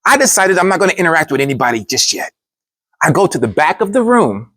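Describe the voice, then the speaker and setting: Brief: man narrating his own story, animated, quick to slip into character voices, dry close sound. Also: on the high side, dry recording. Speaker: speaker telling a personal story. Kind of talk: storytelling speech.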